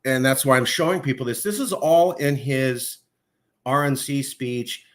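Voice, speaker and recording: A man hosting a casual interview, talking in long rambling stretches with many fillers and pitch that jumps high when he gets worked up. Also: a little slow. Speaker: podcast host.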